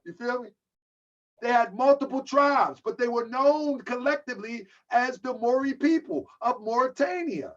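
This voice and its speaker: A man's voice: very high-pitched, unhurried. A man from the United States holds forth on a live stream in a casual, preachy lecture. He keeps repeating rhetorical questions and answers comments from the audience. The sound is dull and lo-fi. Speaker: host of a live-stream talk.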